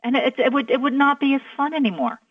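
A woman's voice: high voice, expressive, fast talker, no echo, distant mic. A woman from Delaware, a guest on a radio show, talking cheerfully and laughing easily. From Delaware, USA. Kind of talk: phone-in radio interview. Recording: dull, dry phone line from afar.

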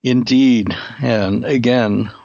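An older man with a New York accent hosting an interview, relaxed and joking, often pausing with filler sounds. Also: mid-range voice, vocal fry, no room sound. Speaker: interview host. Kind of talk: casual chat. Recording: dull lo-fi dry sound.

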